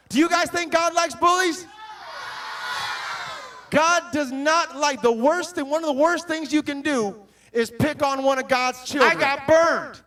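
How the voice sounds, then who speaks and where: A man preaching to a young audience in an animated way, calling out questions to the crowd and bursting into shouts. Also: very high-pitched, far from the mic. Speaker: Christian motivational speaker.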